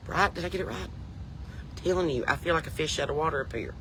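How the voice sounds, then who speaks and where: A woman's voice: on the low side, fairly quick, fairly bright tone, a little hiss or hum. A woman with a thick Southern US drawl, telling folksy, rambling comedy stories in casual chat. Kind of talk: chatty comedic storytelling.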